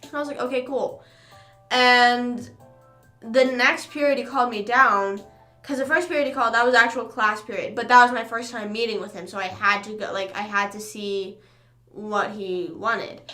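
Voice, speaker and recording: A young woman streamer chatting casually, rambling through a story with quick asides. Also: on the high side, sharp tone. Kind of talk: casual chat. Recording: echoey room with faint music.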